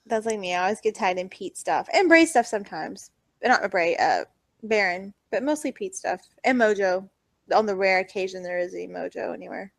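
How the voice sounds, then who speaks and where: A woman's voice: medium pitch, expressive, normal speed, creaky, dry recording. A young woman co-hosting a podcast in casual chat, giggly and gushing. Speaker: podcast co-host.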